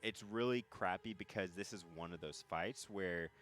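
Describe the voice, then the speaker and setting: Deep-voiced man co-casting with laughs. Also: moderate pace. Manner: laughs often, excitable. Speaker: stream co-caster. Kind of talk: casual commentary banter.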